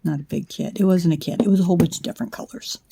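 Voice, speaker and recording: A woman hosting a casual craft how-to at home late at night, sleepy, soft and unhurried, often slipping into a whisper as she works. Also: on the low side, creaky, background noise. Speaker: craft channel host.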